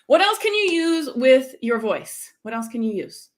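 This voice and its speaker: A middle-aged woman coaches viewers during a live stream, with a fairly high and very animated voice that swoops up and down. She sounds energetic and teacherly, checking in with her audience at every turn. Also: moderate pace. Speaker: speaking coach.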